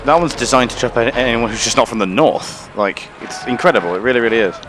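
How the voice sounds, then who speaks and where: A man's voice: medium pitch, lively intonation, fast, noisy background. A man streaming a game in casual chat, rambling and swearing casually.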